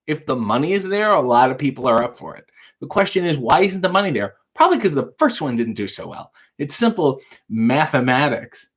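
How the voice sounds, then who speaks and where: A man runs a casual late-night livestream, answering viewers' questions one by one. His voice sits at an ordinary middle pitch, and his delivery stays dry and wry, with quick deadpan jokes between questions. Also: slightly rough. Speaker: livestream talk show host reading viewer chat.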